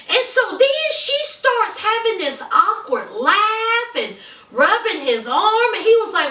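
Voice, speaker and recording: A woman's voice: very high voice, measured pace, reverberant, far from the mic. A woman recapping a reality show in casual, gossipy commentary, acting out what people said. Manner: animated, gossipy, acts out quotes. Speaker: reality TV reviewer.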